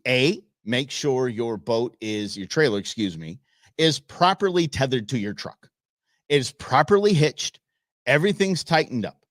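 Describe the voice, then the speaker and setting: Male host, excitable clip commentary, lively pitch, dry close sound. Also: dry recording. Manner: excitable, laughing, exclaiming at the clips. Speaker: show host. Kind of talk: casual commentary on viral clips.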